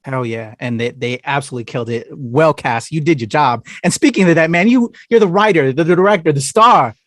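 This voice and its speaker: A fairly high-voiced man from Mississippi hosting an interview, full of slangy praise. His voice sounds close and dry, with no room around it. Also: a little fast, fairly bright tone, dry recording. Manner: hyped, slangy, calls guest "bro" and "brother". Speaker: interview host. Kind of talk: casual enthusiastic interview.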